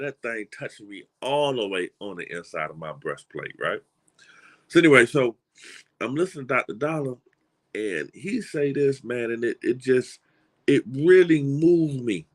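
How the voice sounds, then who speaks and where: A middle-aged man with a Southern US accent gives a motivational talk in an animated, folksy storytelling style, often restarting and repeating words. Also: mid-range voice. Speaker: motivational speaker.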